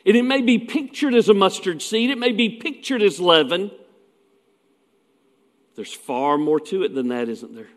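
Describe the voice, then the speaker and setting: A man's voice: high voice, normal speed, long pauses, in a large hall. A man preaching a sermon as pastor, telling stories in a folksy way with asides.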